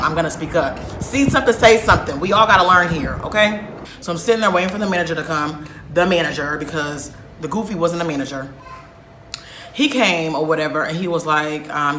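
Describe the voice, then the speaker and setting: A woman vlogger telling a story in an animated, emphatic way, swearing often. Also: fairly low pitch, roomy sound, a little hiss or hum. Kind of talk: storytime vlog.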